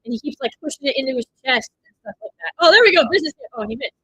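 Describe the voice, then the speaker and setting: A woman streaming a watch party, blurting excited reactions, swearing, and recapping the plot in loose, rambling sentences. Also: sits high, very fast, husky, low-quality recording. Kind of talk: live watch-party commentary.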